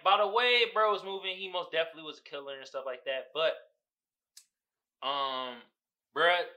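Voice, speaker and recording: A man hosting a podcast, recapping a movie in a casual, profane, joking way. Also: mid-range voice. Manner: animated, profane storytelling with frequent laughter. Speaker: podcast host.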